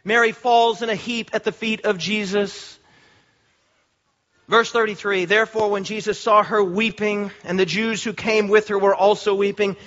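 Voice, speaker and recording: A man preaching a sermon, impassioned and emphatic, slowing down and repeating phrases for weight. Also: sits high, steady tone, a bit bright, highs cut off. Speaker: pastor.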